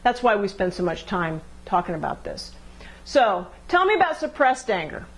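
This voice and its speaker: A woman's voice: mid-range voice, sing-song, normal speed, low-quality recording. Woman lecturing a live class. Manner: engaging, asks the class questions and checks in with "okay?". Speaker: group class instructor. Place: group room with a class.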